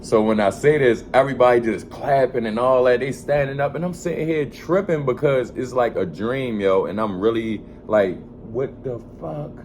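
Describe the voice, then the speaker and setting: A man telling a story on his vlog in a loose, slangy, animated way, cursing freely. His voice sits at an ordinary middle pitch. A faint hum runs behind him. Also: moderate pace, hardly any pauses. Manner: animated, slangy and profane, acts out quoted voices. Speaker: vlogger. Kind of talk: casual storytelling.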